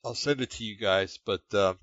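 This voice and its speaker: A man's voice: lowish voice, normal speed, fairly bright tone, no echo. Older guy on a video call show, meandering, can't find the name, dull dry audio. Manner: meandering, forgetful of names. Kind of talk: casual chat on a live online show.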